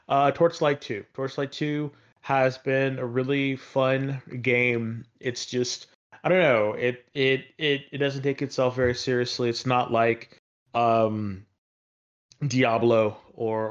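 A man chatting casually about games, rambling through his thoughts with plenty of fillers and false starts. His pitch sits in the middle range. The audio sounds slightly muffled. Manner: rambling, with many fillers and restarts. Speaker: podcast co-host.

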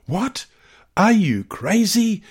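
A man's voice: big pitch swings, slow, a little mellow, exaggerated voice. A man reading aloud and raising his voice to play an upset, shocked wife in a story. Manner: raised pitch in exclaimed lines.

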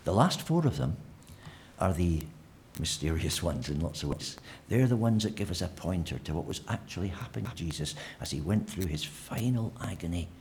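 A low-voiced preacher talks his congregation through the sermon. He wanders in his phrasing, circling back with fillers and repeats. A faint hum of the church room sits under his voice. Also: darkish tone. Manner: conversational, with frequent fillers and restarts.

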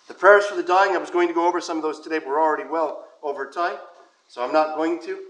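A priest delivers a sermon built around a personal anecdote, preaching in a relaxed storytelling style and sometimes dropping to a soft whisper. His voice is high for a man, and the roomy sound suggests a church.

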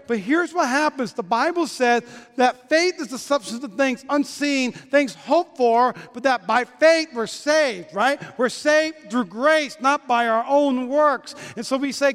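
A man preaching a lively sermon, joking with volunteers onstage in quick bursts. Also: very high voice. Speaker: pastor. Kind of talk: lively sermon with stage demonstration. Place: church auditorium. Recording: long reverb of a church hall.

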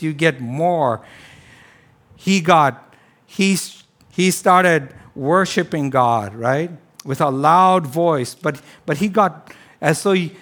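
A man preaching a sermon, swinging between loud exclamations and low, quiet stretches, with frequent "right?" asides and restarts. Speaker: pastor.

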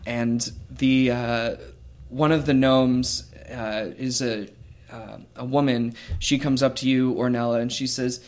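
A man narrating a tabletop game as game master, in a relaxed, halting way. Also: mid-range voice. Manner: relaxed and halting, with many fillers.

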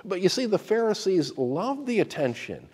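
A man's voice: high-pitched, normal speed, slightly rough. A man preaching a sermon, explaining scripture with folksy stories, full of restarts and repeated words. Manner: animated storytelling with repeated restarts.

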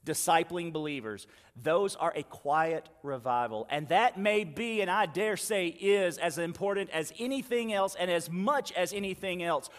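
A man's voice: high-pitched, moderate pace, hardly any pauses. A male pastor preaching a sermon in a conversational, emphatic style, repeating phrases to drive each point home. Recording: long reverb of a large hall.

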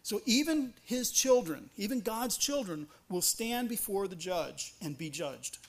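A man's voice: sits high, expressive, unhurried. A man pastor preaching a sermon, earnest and conversational, often restarting phrases and asking rhetorical questions.

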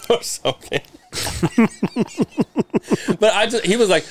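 A man's voice: fairly high pitch, animated, slow pace, long pauses, a bit bright. A man co-hosting a casual podcast, rambling through stories, swearing and laughing often. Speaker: podcast co-host. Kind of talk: casual chat.

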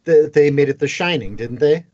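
A man's voice: on the high side, brisk, a little mellow. A man in casual podcast chat, chiming in with brief, dry remarks. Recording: dull lo-fi sound.

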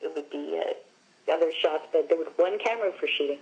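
An actress from Long Island, New York, tells stories animatedly as a guest in a casual interview, often saying "like" and "you know." She talks fast in a low, darkish voice with vocal fry, and the recording is muffled.

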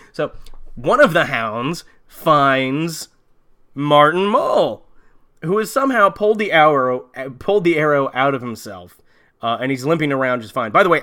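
A man's voice: a little high, sharp tone. A man hosting a comedy podcast, sarcastically recapping a bad horror movie with plenty of profanity. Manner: sarcastic, profane, mocking voices of characters. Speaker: podcast host.

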